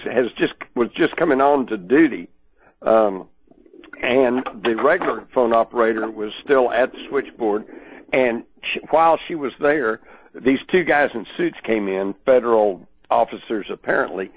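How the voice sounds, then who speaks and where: Husky man rambling on talk radio. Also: mid-range voice, no room sound, low-quality recording. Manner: rambling, many fillers and restarts. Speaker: guest researcher.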